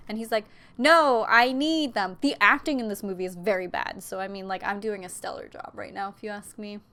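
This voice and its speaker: Woman host, casual profane movie rant, sarcastic asides, mid-pitched smooth voice. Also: steady tone, fast talker, bright, forceful tone. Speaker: video essay host.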